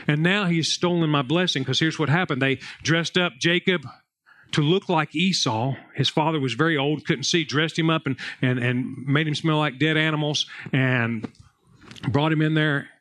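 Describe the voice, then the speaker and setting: A man preaching a sermon, telling Bible stories and family anecdotes in a casual, conversational way. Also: medium pitch. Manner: conversational, animated storytelling with raised voice in anecdotes. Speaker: pastor.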